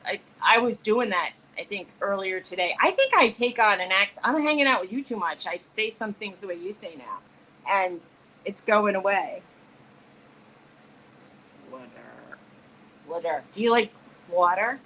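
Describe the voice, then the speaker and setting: A woman's voice: mid-range voice, lively intonation, normal speed, bright, forceful tone, a little hiss or hum, rough recording. A woman co-hosting a live show, chatting casually with a friend, laughing easily and playing with how words are said. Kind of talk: casual chat between friends.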